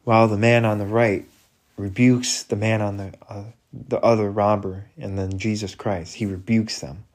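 A man giving a slow, halting devotional retelling and prayer, reflective, with frequent restarts. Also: lowish voice, flat delivery, a little mellow. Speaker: preacher.

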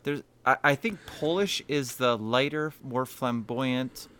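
A man's voice: mid-range voice, measured pace, fairly bright tone, slight background noise. A man in casual podcast chat, joking and blunt, swearing casually.

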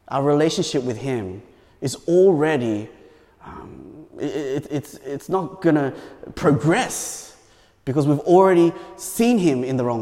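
A man's voice: mid-range voice, dark tone, in a large hall. A male pastor preaching a sermon in a conversational way, often checking in with "right?". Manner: conversational, frequent "right?" tags.

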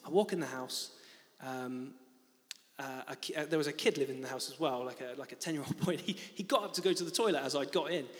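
A young man preaching and telling a personal story in a lively, animated way. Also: medium pitch, fast talker. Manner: animated storytelling, acting out his own shock. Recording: reverberant church hall.

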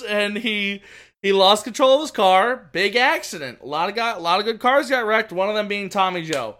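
Man, high voice, bright tone, casual excited podcast chat, rambling. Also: moderate pace. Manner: excited, rambling, many restarts. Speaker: podcast co-host.

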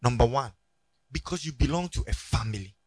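A Ghanaian man preaching a sermon in church, telling stories and rising to loud emphatic peaks. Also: medium pitch, lively intonation, brisk, husky, dry recording. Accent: Ghanaian English. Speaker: pastor. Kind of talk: sermon with anecdotes.

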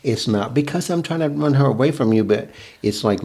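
Emphatic man coaching in a relaxed podcast chat. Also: mid-range voice, brisk, creaky, slightly rough. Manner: preachy, emphatic, speaks in lists. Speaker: relationship coach, co-host. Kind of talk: casual podcast conversation.

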